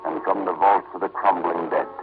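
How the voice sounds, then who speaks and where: Actor as solemn horror narrator, very deep, tinny old radio sound. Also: male voice, steady tone, over music, natural voice. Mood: ominous. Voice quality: solemn, dramatic, slow. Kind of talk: 1940s radio drama narration.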